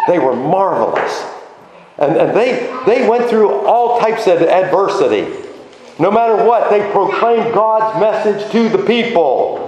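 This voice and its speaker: A man preaching a sermon with animated emphasis, his voice swinging between high exclamations and low asides. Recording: very echoey room with faint noise.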